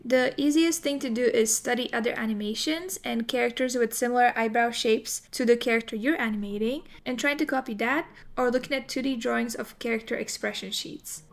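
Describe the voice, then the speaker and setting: A woman teaching animation in a recorded tutorial, explaining in a clear, methodical way. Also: fairly high pitch, fairly even intonation, fairly quick, hardly any pauses. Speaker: animation instructor.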